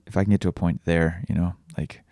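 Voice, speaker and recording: A young adult man talking candidly in a personal vlog, halting and confessional, swearing often. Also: low voice, fairly even intonation, creaky, dark tone, no echo, studio quality. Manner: raw, halting, confessional, with frequent swearing and restarts. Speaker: vlogger and podcaster.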